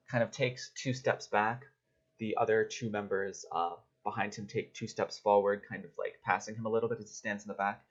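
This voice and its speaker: This tabletop game master narrates at a brisk clip, his fairly low voice level in tone yet fairly bright. He keeps hesitating and padding with "like" and "um," captured in a dull, lo-fi recording.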